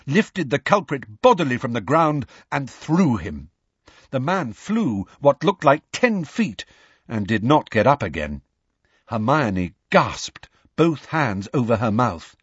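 A man narrating an audiobook in an expressive storytelling manner. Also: medium pitch, breathy edge, no room sound, lo-fi sound. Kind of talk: scripted narration.

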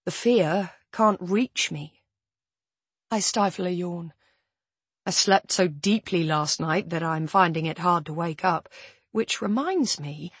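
Slow, breathy woman narrating a novel. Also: fairly low pitch, no echo. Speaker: audiobook narrator. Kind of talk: first-person scripted narration.

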